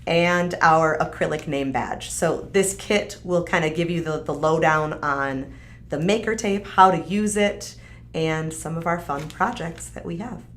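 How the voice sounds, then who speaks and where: This live-stream host has a low, slightly bright voice and speaks a little slowly. Chatty and cheerful, with lots of fillers, she casually demonstrates a craft kit.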